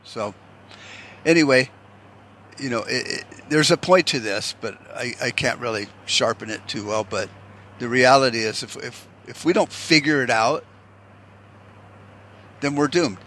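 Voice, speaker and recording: A man's voice: medium pitch, a little slow, pauses often, fairly bright tone, a little hiss or hum. A man from the United States in a profane, rambling political rant, swearing often and restarting his sentences.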